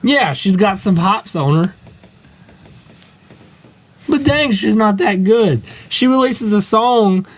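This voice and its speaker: A young man co-hosting a podcast in casual chat, animated and mocking others with quick jumps up in pitch. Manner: animated, mocks voices with big jumps in pitch. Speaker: podcast co-host.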